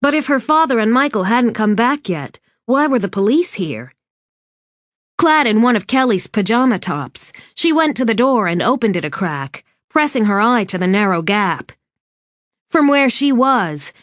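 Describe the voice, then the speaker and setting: A woman narrating a suspense novel in a measured, even scripted reading. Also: a little high, no echo. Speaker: audiobook narrator. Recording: dry studio read.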